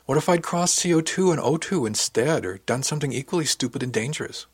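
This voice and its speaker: A man voicing a young male crewman who is anxious, self-critical and quick to blurt things out. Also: medium pitch, a bit bright, no echo, natural voice. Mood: flustered.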